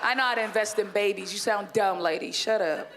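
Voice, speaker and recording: A woman's voice: mid-range voice, brisk, noisy background. A woman in her thirties doing a stand-up set on a club stage, with brash, crude and profane punchlines. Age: 30s. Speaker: stand-up comedian.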